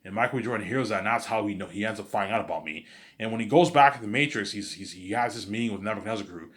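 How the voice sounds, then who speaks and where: Male vlogger, low-pitched, rapid and rambling, crude, stumbles and restarts often. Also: fairly bright tone. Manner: rambling, profane, keeps saying "you know what I'm saying". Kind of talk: casual storytelling.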